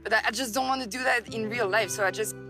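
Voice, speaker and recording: A woman's voice: on the high side, fast, over music. Laughing woman with a French accent. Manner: animated, laughs often. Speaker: interviewee. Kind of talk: casual interview answers.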